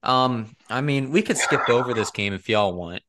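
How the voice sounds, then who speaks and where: A young man hosting a casual sports chat, animated and argumentative. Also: medium pitch, moderate pace, crowd noise. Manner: animated and argumentative, leading the rundown. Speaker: podcast host.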